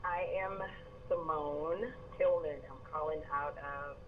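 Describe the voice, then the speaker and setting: A man's voice: fairly high pitch, steady tone, slow, phone-quality sound, slight background noise. A man from Georgia with a Southern accent, calling into a show and chatting in a friendly, rambling way. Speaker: caller. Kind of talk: phone-in conversation.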